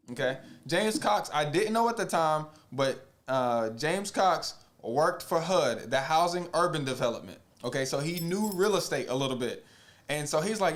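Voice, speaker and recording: A man and real estate investor telling a personal story in a casual, slangy, animated way. He often repeats phrases and checks in with his listeners. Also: fairly high pitch. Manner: animated, slangy, acts out quoted dialogue.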